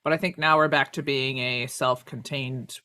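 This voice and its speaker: A young adult co-hosting a podcast in a casual, animated way, slangy and swearing freely. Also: mid-range voice, moderate pace. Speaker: podcast co-host and streamer.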